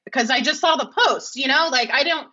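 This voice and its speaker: A woman's voice: high-pitched, a little fast, bright, forceful tone. Rambling storytelling woman, slightly muffled. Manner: rambling, many filler words, replays talk in quotes. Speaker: podcast guest. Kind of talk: casual storytelling.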